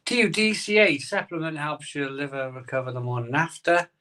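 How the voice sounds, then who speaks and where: A cheerful man with a fairly high voice, hosting a casual live stream. He talks loosely and repeats himself, with lots of ums as he chats back to viewers. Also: lively intonation, brisk, pushed and bright. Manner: chatty, cheerful, many ums and repeated phrases. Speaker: live-stream host reading viewer comments. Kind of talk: casual chat.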